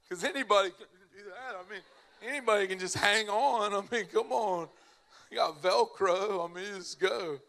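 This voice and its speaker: A young man with a slightly high voice tells a funny story to a live audience. He keeps it animated and casual, laughing at his own jokes as he goes. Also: slow, gravelly, long pauses. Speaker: speaker at a church family event.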